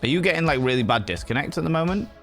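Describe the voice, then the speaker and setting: A man hosting a livestream, chatting to viewers in a playful, effusive way, with sudden jumps in pitch and some swearing. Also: animated, rapid-fire, a bit bright. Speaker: livestream host. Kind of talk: casual chat reading viewer messages. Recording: faint music behind.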